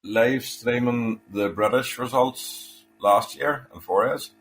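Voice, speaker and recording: A man's voice: mid-range voice, takes it slowly, fairly bright tone, faint music behind, low-quality recording. A man, a podcast guest telling stories in a plain, matter-of-fact way. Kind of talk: casual chat.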